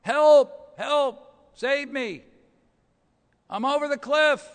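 A man playing a panicked lone man stuck over a cliff, shouting frantically for help, in a church hall with long reverb. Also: extremely high pitch, very slow, pitched above the performer's own voice, heavily acted.

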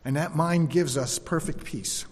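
A man's voice: fairly high pitch, measured pace, slight background noise. Man preaching in a reverberant hall. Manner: repeats lines for emphasis, dropping to soft tones. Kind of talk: sermon.

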